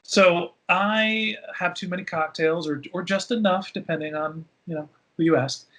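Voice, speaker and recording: Lebhafter Mann, hell und energisch. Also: male voice, moderate pace. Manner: animated storyteller with big pitch jumps. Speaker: podcast producer, guest. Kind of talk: casual storytelling interview.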